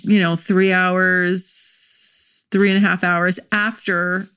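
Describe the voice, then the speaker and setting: A woman hosting her own podcast in casual solo chat, excitable and rambling, laughing often, recorded at a home microphone. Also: on the low side, slow, smooth. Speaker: podcast host. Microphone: desk microphone.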